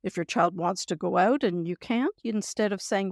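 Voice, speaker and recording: A woman hosting a parenting podcast, giving gentle, reassuring advice and sample phrasings in a scripted talk. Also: mid-range voice, moderate pace, no echo, studio quality.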